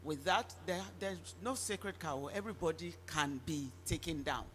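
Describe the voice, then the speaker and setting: A man answers from the audience in a fairly high voice. He speaks firmly and directly, laying out his points. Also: normal speed, a bit bright. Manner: firm, direct. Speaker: audience member. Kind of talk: spontaneous remarks. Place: event hall.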